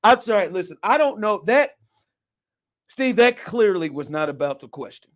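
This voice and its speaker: Animated high-voiced man, sports talk. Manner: animated, incredulous, quick laughs, fillers like "like". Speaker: podcast host.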